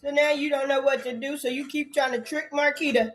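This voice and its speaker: A woman in a rambling, profane rant, repeating curses and jumping between loud outbursts and low mutters. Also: fairly even intonation, brisk, soft background music. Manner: erratic, repetitive, swearing constantly, swinging between shouts and mutters. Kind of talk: profane stream-of-consciousness rant.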